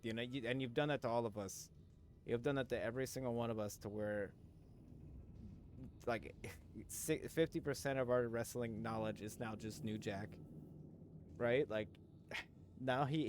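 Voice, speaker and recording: A man streaming live speaks in a mid-range voice with a darkish tone at a moderate pace, with slight background noise. Chatting with his viewers, he rambles and jokes, full of fillers, restarts and casual swearing as he talks to chat.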